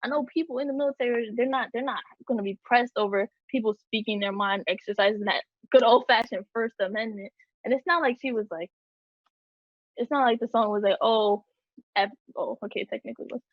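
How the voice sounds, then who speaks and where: A young woman hosts a heated casual discussion, talking fast and emphatically with many fillers and restarts. Her voice is on the high side, and the lo-fi recording has no room sound.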